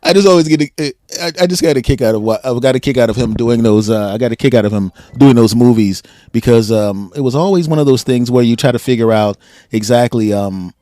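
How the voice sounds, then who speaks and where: A man hosts a relaxed podcast interview, chuckling often and rambling through his questions with plenty of ums. His voice sits at an everyday middle pitch, recorded close and dry. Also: quick pace, dry recording. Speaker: podcast host.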